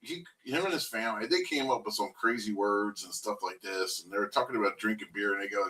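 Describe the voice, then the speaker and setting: South jersey guy hosting a sports chat, bright lively voice, a bit off mic. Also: on the low side, fast, few pauses, far from the mic, poor audio. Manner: animated storyteller, mimics accents. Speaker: podcast host. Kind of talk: casual sports talk.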